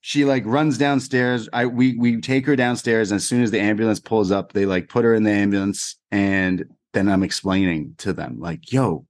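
A man co-hosting a casual podcast, telling an animated anecdote with lots of fillers. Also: on the low side, moderate pace, few pauses, no room sound. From Canada. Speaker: podcast co-host. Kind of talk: casual chat, storytelling.

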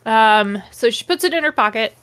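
This podcast host, a woman, speaks at a normal speed in a fairly high, animated voice that sounds a bit bright, with no echo around it. Her comedic reading is punctuated by sarcastic jabs and plenty of cursing as she ridicules the text she's performing.

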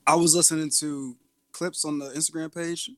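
A man's voice: a little high, flat delivery, normal speed, no echo. A man co-hosting a music podcast, telling stories in a laid-back, chuckling way. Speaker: podcast co-host. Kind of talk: casual chat.

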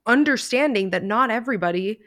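A woman's voice: fairly high pitch, animated, a little fast, fairly bright tone. A woman co-hosting a podcast in casual chat, talking bluntly and swearing freely. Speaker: podcast co-host.

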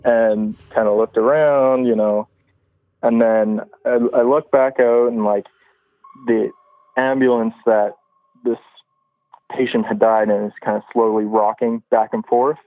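A man's voice: medium pitch, steady tone, measured pace, no echo. A man calling in to a show to tell a spooky story in a casual, rambling way, full of fillers and restarts. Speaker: caller. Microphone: phone. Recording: tinny phone line.

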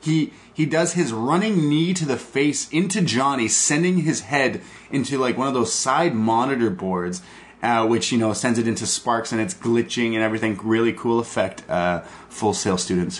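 A man hosting a podcast, excitedly recapping a wrestling show in casual chat, swearing and laughing. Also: medium pitch, moderate pace. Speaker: podcast host.

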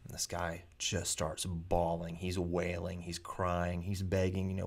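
A man, a preacher hosting his own vlog, telling anecdotes in a chatty, animated way with frequent restarts. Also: deep voice, unhurried, few pauses. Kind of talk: casual anecdotal storytelling.

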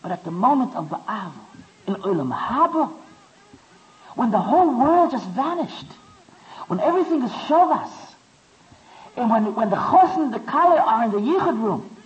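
A man giving a Torah talk, stammering through restarts and rising to impassioned peaks. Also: very high voice. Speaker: speaker. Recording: dull lo-fi recording.

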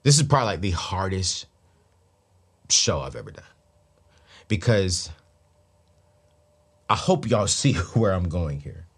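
Animated preachy male finance host. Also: deep voice, measured pace, pauses often, husky. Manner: emphatic and preachy, repeats key lines. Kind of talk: motivational personal finance talk.

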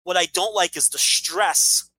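A man's voice: sits high, unhurried, sharp tone, breathy edge, rough recording. A man co-hosting a casual podcast, ranting emphatically with frequent swearing and restarts. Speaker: podcast co-host.

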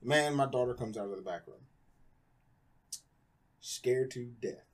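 A man's voice: medium pitch, a little slow. A man candidly telling his personal story in a conversation, rambling with lots of fillers. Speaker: guest.

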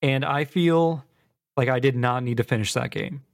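A man's voice: mid-range voice, moderate pace, vocal fry. An easygoing man co-hosting a casual chat, recapping plots with fillers like "like" and "um".

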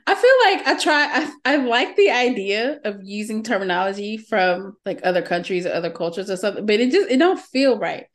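A woman's voice: medium pitch, expressive, fairly quick, hardly any pauses. Texas lady cohost, joking around, teasing her friends. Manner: playful, teasing. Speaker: podcast co-host. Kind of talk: casual chat.

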